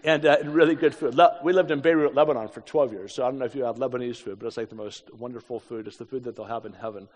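A man's voice: medium pitch, fast talker, few pauses, a little mellow. A man in his fifties from the United States, telling a story in a sermon with casual, self-deprecating asides. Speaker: preacher. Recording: echoey hall.

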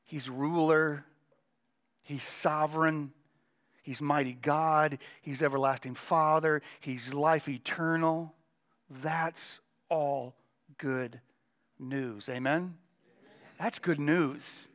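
A middle-aged male pastor preaching a sermon with a strained, cracking voice, emphatic and slowing down to stress key lines. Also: a little high, steady tone, a bit bright. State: voice cracking, throat clearing.

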